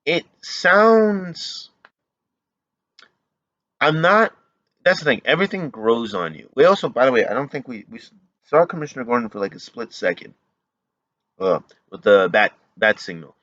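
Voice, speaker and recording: A man hosting a casual reaction video, talking excitedly and rambling with lots of fillers and restarts. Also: medium pitch, normal speed, pauses often, no room sound, dull audio.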